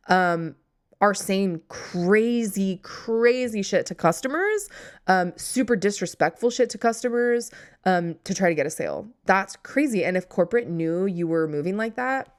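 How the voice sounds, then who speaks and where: With a medium-pitched voice, a young woman running a podcast shares a story in casual conversation. Her tone is sarcastic and fed up, she swears without restraint, and she plays out both sides of the exchange.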